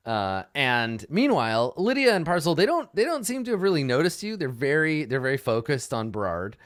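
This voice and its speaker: A man's voice: fairly high pitch, very animated, fairly quick, a bit bright, dry recording, studio quality. A young man narrating as game master, rambling with restarts and explaining the scene.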